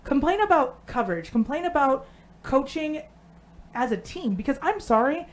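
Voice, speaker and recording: A woman co-hosting a live stream, talking casually and bluntly with lots of swearing and animated storytelling. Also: high voice, normal speed. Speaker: co-host.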